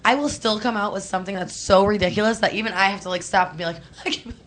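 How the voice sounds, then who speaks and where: A young woman, chatting on a call-in show, animated and quick to laugh, emotional and close to tears at times. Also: medium pitch. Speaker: co-host. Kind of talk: casual radio chat.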